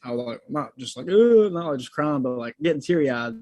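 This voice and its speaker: Young man, casual interview guest, loose and slangy, mid-pitched voice. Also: fairly quick, darkish tone, dry recording, rough recording. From Georgia, USA. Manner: laid-back, slangy, talks to the host as "bro" and "dude". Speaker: guest, singer.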